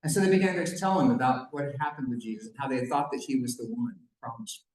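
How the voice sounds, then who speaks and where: A man's voice: medium pitch, quick pace, darkish tone. A man giving a conversational talk at a banquet, retelling a Bible story with joking asides to the audience. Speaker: banquet speaker. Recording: echoey room.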